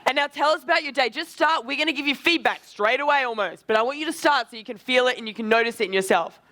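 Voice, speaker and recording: A male coach running a live social skills seminar. He talks with energy and a casual edge, tossing in quick asides and the odd curse word. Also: very high voice, sharp tone.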